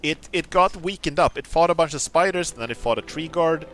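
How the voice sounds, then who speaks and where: A man streaming a video game, commenting casually, excitable, swearing and laughing often. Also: on the high side, brisk, faint music behind. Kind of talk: let's play commentary.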